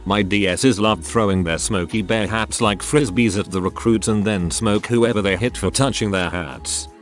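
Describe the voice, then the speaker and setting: Guy reading reddit-style stories, lowish voice, steady even reading, faint music behind. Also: normal speed. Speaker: story narrator.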